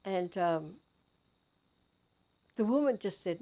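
An Australian woman over fifty from Western Australia, telling a personal spiritual story in an animated way. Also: on the low side, measured pace, slight background noise. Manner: animated, acts out quoted voices. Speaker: spiritual teacher.

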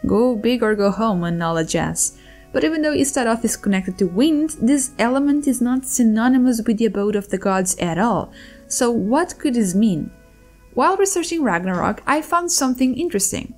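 A woman with a hoarse voice, reading a scripted theory narration about game lore, with playful, wry asides. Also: fairly high pitch, lively intonation, moderate pace, a little mellow, soft background music. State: hoarse, losing her voice. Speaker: video essayist on game lore.

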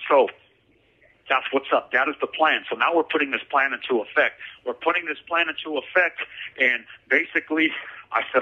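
Husky guy telling his own story, street slang, repeats himself, kinda muffled lo-fi sound. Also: medium pitch, normal speed. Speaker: storyteller recounting his past. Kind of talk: casual spoken storytelling.

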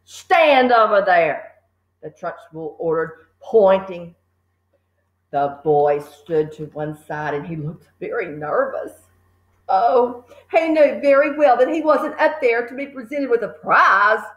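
Teacher lady reading a kids book out loud, slow, super expressive, echoey room. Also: mid-range voice, dull audio. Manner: lively, asides to listeners. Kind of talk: reading a children's book aloud.

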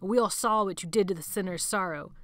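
A woman's voice: mid-range voice, a little fast, no echo, studio quality, lightly acted. Woman doing a cruel teenage gang leader. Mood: furious. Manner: shouting commands, drops to a cold hiss.

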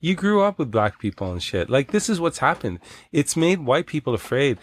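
Profane, animated man telling stories. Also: fairly high pitch, moderate pace. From Canada. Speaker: podcast guest. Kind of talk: casual chat.

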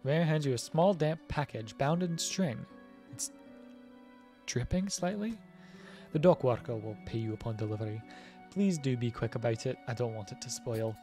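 A man's voice: medium pitch, normal speed, warm tone, lightly acted. A man doing a prim, overly polite villager. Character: polite fussy villager asking a delivery favor. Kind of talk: reading game dialogue aloud. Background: faint game music.

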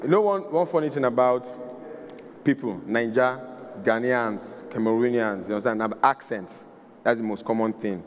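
A man's voice: mid-range voice, moderate pace. A man with a Nigerian accent telling a loose stand-up story with Pidgin asides. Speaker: stand-up comedian. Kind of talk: stand-up comedy. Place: live show with audience. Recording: reverberant stage with crowd.

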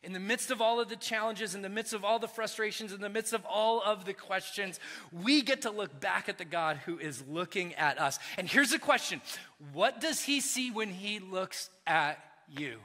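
A man preaching a sermon as pastor, earnest, swinging from emphatic lines to hushed, soft ones. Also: high-pitched, moderate pace. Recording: reverberant church hall.

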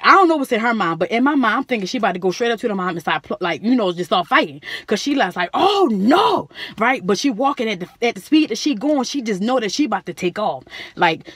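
Young woman vlogging, chatty slang storytelling, higher voice, dry sound. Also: a bit bright, no echo. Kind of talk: casual storytelling to camera.

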